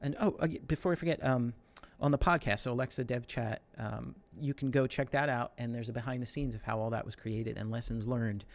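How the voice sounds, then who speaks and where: A middle-aged man presents at a tech talk in a mid-range voice. He keeps it conversational, dropping fillers and quick asides as he goes. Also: mid-range voice. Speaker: conference speaker.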